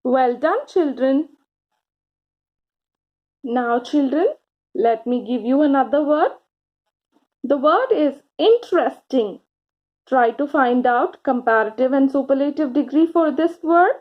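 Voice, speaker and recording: A woman teaching grammar to children, speaking slowly and encouragingly, stretching out key words and pausing for answers. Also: sits high, lively intonation, highs cut off. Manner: slow, encouraging, drawn-out words with pauses for answers.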